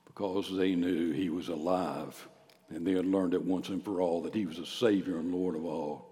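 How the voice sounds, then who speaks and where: Guy preaching a sermon, goes big and loud then drops to a near whisper, church echo all around. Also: deep voice, fairly even intonation, normal speed. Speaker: pastor. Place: church sanctuary.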